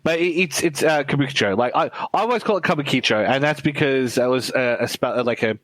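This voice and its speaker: A man's voice: medium pitch, fairly quick, a bit bright. A man co-hosting a gaming podcast, chatting casually with lots of fillers and restarts. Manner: rambling, many fillers and restarts. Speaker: podcast co-host. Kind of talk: casual chat.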